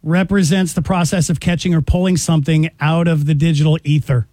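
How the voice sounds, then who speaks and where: A man with a notably high voice hosts a radio show in a casual, teasing chat. His studio mic sounds close and completely dry, with no room around him. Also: steady tone, a little fast, warm tone, no room sound. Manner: teasing, playful questions. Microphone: studio microphone.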